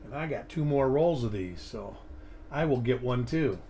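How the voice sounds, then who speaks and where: A man's voice: mid-range voice, lively intonation, moderate pace, dark tone, a little hiss or hum. A man hosting a live coin-hunting stream, chatting casually and rambling as he thinks aloud at his desk. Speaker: coin hunting livestream host.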